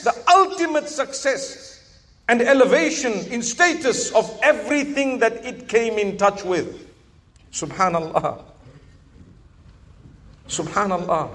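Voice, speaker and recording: A man preaching to a live audience at a large event, swinging from emphatic calls to soft, gentle advice and asking the crowd questions. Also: very high-pitched, slow pace. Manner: animated, rising to emphatic exhortation, then softening; asks the audience questions and jokes. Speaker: Islamic preacher.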